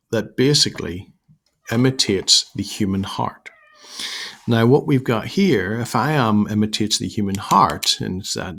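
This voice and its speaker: Croaky low-voiced male teacher. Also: fairly bright tone. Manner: explanatory, with frequent fillers and restarts. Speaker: English teacher. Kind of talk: recorded lesson explaining a play.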